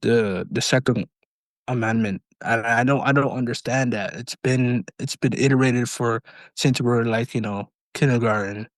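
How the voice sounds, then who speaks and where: A man's voice: medium pitch, normal speed, dry recording. Hesitant man, stammering in casual chat. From Canada. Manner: hesitant, stammering, lots of backchannel agreement. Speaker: podcast co-host.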